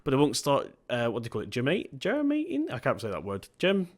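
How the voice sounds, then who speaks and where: A man's voice: medium pitch, sing-song, quick pace. Chatty young man narrating gameplay. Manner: rambling, chatty, corrects himself often. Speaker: gaming video host. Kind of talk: casual let's-play commentary.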